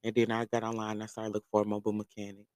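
A man telling a long personal story to his viewers in a loose, animated, profane way, laughing as he goes. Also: lowish voice, racing, smooth, no room sound. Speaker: vlogger. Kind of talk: casual storytelling.

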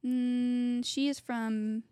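A woman's voice: fairly high pitch, fairly even intonation, mellow, dry recording, clean studio sound. A woman in her twenties co-hosting a casual podcast, a mother who talks in an easygoing, agreeable way. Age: 20s. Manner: easygoing, agreeable, quick asides. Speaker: podcast co-host. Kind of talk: casual chat.

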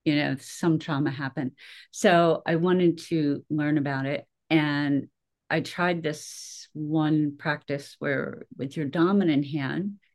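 A middle-aged woman with a notably low voice talks casually on a podcast. She tells stories about herself with lively energy and often laughs at her own expense. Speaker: podcast host.

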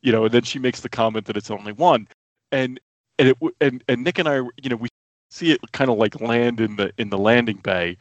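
A man hosting a podcast, talking in a casual, excited way with lots of restarts and fillers. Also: mid-range voice, fairly quick, no room sound, lo-fi sound. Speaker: podcast host. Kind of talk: casual chat.

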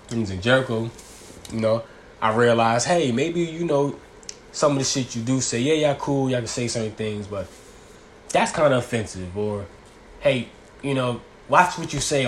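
A young man from New York chats to his audience in a loose, wandering way, full of slang and asides. His voice sits at an ordinary middle pitch. A faint hiss of noise runs under the recording. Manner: loose, rambling, slangy talk with laughs. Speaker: vlogger. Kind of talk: casual chat.

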